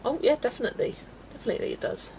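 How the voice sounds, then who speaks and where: A woman's voice: rapid-fire, a little mellow, a little hiss or hum. A young English woman hosting a colouring livestream, chatting casually and telling stories with frequent giggles. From England. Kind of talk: casual chat while colouring, reading chat.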